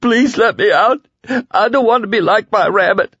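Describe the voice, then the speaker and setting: Man doing a shrill, sobbing young prisoner. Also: moderate pace, fairly bright tone, breathy edge, no echo, lo-fi sound, full character voice. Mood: pleading. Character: terrified starving young male prisoner.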